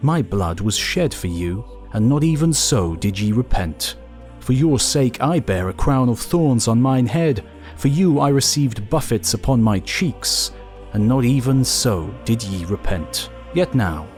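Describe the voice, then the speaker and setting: A man's voice: mid-range voice, animated, measured pace, a little mellow, soft background music, natural voice. A man reading the Son of God, declaiming. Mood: solemn. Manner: solemn, declaiming. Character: Son of God, male, rebuking and merciful.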